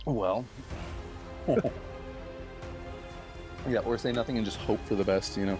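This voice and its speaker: A man's voice: on the low side, a little slow, pauses often, music in the background. A man casually telling a long story on a podcast, swearing freely and acting out what others said. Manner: profane, acts out quoted people.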